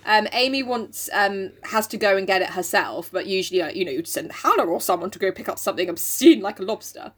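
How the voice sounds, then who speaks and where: A young woman co-hosting a podcast, retelling a story in a chatty, giggly voice. Her pitch sits mid-range, and she keeps the story rolling with plenty of ums and asides. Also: expressive, a little fast, few pauses. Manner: chatty, giggly, full of fillers. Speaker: podcast co-host. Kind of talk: casual chat, retelling a story.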